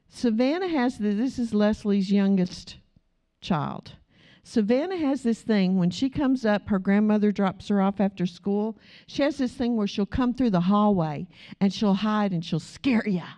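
A woman's voice: mid-range voice, lively intonation, a little slow, mellow. A middle-aged woman who teaches a church class through personal stories. She talks in a chatty way, laughs often and asks the group questions. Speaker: Bible study teacher.

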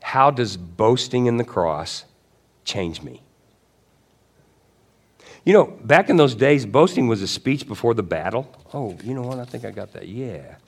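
A man preaching a sermon in an easygoing, conversational way. He rambles into asides and corrects himself mid-sentence, and his voice sits at a middling pitch. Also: big pitch swings, measured pace, long pauses, husky. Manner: conversational preaching, acts out quotes with rising pitch and shouts. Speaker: pastor.

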